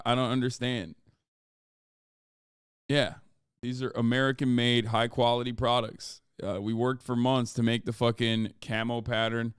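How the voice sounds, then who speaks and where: Profane, exasperated male streamer, smooth voice. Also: mid-range voice, dry recording, clean studio sound. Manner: profane, exasperated, reads chat comments aloud. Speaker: livestreamer selling merch. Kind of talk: casual livestream chat.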